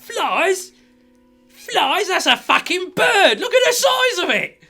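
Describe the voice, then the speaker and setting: A man voicing a gruff, foul-mouthed male guard sergeant who blusters and shouts. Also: very high-pitched, sing-song, takes it slowly, soft background music, voice pushed up, exaggerated voice. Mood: outraged.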